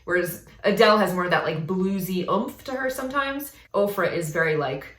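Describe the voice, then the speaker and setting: Bright-voiced woman vocal coach, echoey room. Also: lowish voice, a little fast. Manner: chatty, explanatory, with frequent "right?" and "you know?" tags. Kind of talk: casual reaction commentary.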